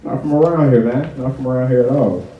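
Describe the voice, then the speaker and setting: A man's voice: mid-range voice, fast talker, narrow, tinny audio. A young man from Chicago performing a stand-up comedy set at a college show, chatty and loose, tagging his lines with "like" and "right?". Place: college auditorium with a live audience. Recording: roomy hall, mic heard from a distance.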